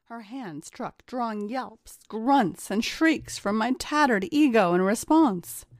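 A woman narrating an erotic story in a slow, measured storytelling manner. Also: a little high, expressive, heavy background noise.

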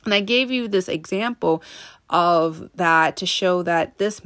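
A woman with a fairly low voice hosts a self-help podcast. She talks earnestly and directly to her listeners, with a dry, close sound. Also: a little slow, a bit bright, no echo. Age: adult. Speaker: podcast host.

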